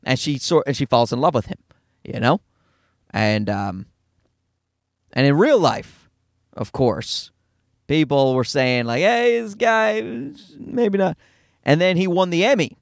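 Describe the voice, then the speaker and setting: A middle-aged man with a Newfoundland accent, a stand-up comedian talking fast and profanely in a rambling, self-deprecating monologue from his car. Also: medium pitch, expressive, dry recording, studio quality. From Newfoundland, Canada. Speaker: stand-up comedian, podcast host.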